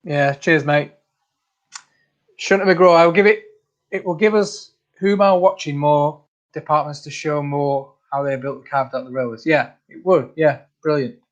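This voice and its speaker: A man's voice: on the high side, steady tone, normal speed, muffled recording. A man hosting a casual livestream, reading out viewer comments, laughing often and calling people mate. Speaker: channel host.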